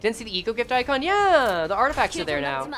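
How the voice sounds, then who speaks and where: Lively, sarcastic woman streamer. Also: a little high, fast talker. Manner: sarcastic, joking, talks to chat. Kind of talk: live game commentary, reading skill text aloud.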